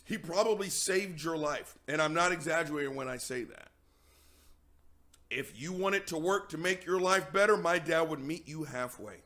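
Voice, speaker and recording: A man's voice: on the high side, moderate pace, bright, forceful tone. A man telling an emphatic, profane story to an audience he calls "gang".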